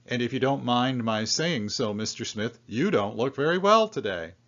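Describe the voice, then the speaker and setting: A man's voice: mid-range voice, animated, normal speed, a bit bright. A man voicing a shy, lonely middle-aged man who speaks mildly and politely. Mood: pleased. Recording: dull lo-fi recording.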